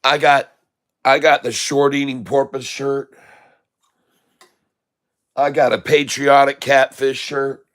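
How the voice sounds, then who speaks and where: Male livestream host, mid-pitched, rambling and jokey, casual at-home trading chat. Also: little pitch movement, slow, pauses often, a bit bright. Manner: rambling and jokey, muttering to himself while working. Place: home room with shelves of keepsakes.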